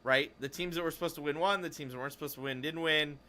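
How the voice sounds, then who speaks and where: Male podcast host, fairly high bright voice, rambling chatty delivery, casual talk. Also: quick pace. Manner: rambling, self-interrupting, chatty. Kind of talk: casual esports podcast chat.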